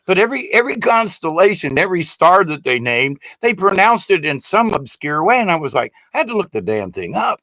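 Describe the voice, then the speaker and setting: A man's voice: sits high, sing-song, fairly quick, hardly any pauses, pushed and bright, no echo. A man in his sixties from the United States talking in a rambling, casual monologue who keeps getting indignant and exasperated. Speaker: video blogger.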